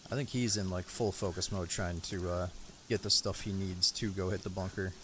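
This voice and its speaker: Low-voiced laid-back male game streamer. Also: steady tone, normal speed, fairly bright tone, slight background noise. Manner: easygoing, rambling, thanks viewers. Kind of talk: casual live-stream chat while playing.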